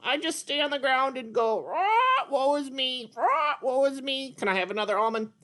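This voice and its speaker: A man's voice: extremely high pitch, lively intonation, moderate pace, bright, forceful tone, voice pushed up, full character voice. A man voicing a sweet, eager little male winged puppet creature in a puppet show for kids, talking in a childlike, pleading way.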